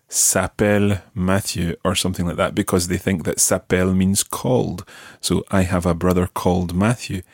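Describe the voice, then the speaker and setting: Deep-voiced man teaching slowly. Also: a little mellow, no echo, clean studio sound. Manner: patient, modelling words slowly for repetition. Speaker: language teacher. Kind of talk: podcast language lesson.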